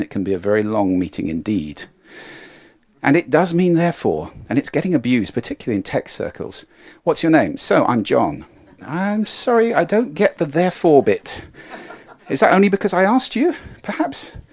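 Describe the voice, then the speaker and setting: A middle-aged man from England gives a live talk to an audience as a speaking coach, demonstrating voices by shifting his pitch and volume. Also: breathy edge. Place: stage before a live audience.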